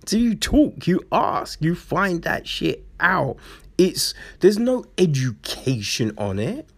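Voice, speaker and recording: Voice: medium pitch, very animated, slow, creaky, breathy edge. A speaker ranting in blunt, profane commentary, heavy on slang and fillers, mocking excuses with acted-out quotes. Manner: incredulous, mocks with acted-out quotes.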